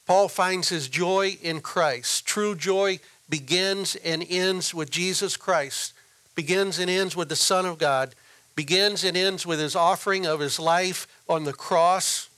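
A male pastor delivering a sermon in an unhurried, measured way. His voice sits a bit high for a man. He leans on repetition and lets his phrases land one at a time. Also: bright, forceful tone. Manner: slow, deliberate preaching with repeated phrases.

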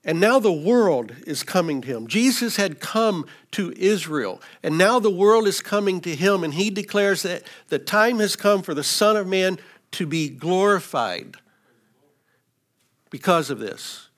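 A man's voice: sits high, animated, a little slow, a bit bright. A man preaching an expository sermon, teaching through scripture verses with frequent restarts. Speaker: pastor.

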